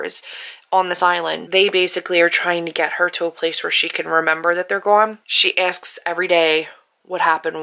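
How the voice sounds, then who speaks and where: A woman's voice: fairly low pitch, vocal fry, bright, forceful tone, rough recording. A woman talking casually on her vlog about a book she is rereading, chatty and openly emotional, often saying "like". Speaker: author and book vlogger.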